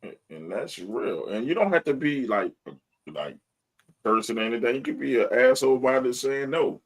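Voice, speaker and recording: A man's voice: mid-range voice, expressive, normal speed. A man co-hosting a casual sports podcast, talking bluntly with lots of profanity and laughing often between lines. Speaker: podcast co-host. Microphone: live stream podcast mic.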